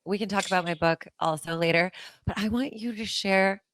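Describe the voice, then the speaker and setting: A woman hosting a podcast who chats casually and talks in excited, gushing bursts. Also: mid-range voice, brisk, slight background noise. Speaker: podcast host.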